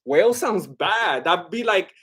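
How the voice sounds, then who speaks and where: A man's voice: sits high, lively intonation, measured pace, fairly bright tone, breathy edge. A man hosting a casual live stream, rambling and joking with his chat, full of "like" and restarts. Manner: loose, chatty, breaks into bits of song.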